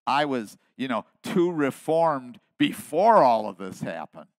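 A man in his seventies preaching a sermon with passion, dropping to quiet asides and then rising to loud emphasis. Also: medium pitch, big pitch swings, measured pace, no room sound. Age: 70s. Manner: impassioned preaching, swinging between soft asides and loud emphasis. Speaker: pastor.

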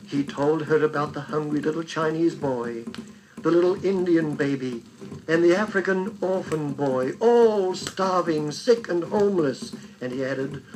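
A man's voice: fairly high pitch, measured pace, poor audio. A man telling a children's story with dramatic, varied pacing.

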